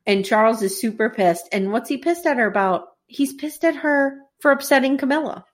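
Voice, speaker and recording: A woman casually chatting as a podcast co-host, telling the story in an animated way and acting out quotes. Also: fairly high pitch, normal speed. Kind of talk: casual chat recapping a TV series.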